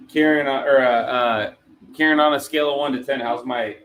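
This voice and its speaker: A man in the middle pitch range chats loosely with his livestream viewers, rambling from thought to thought. Faint background noise sits under his voice. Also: fairly even intonation, a little fast, a bit bright, rough recording. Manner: laid-back, rambling, talks to chat. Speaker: 3D printing livestreamer. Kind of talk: casual livestream chat. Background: printer running.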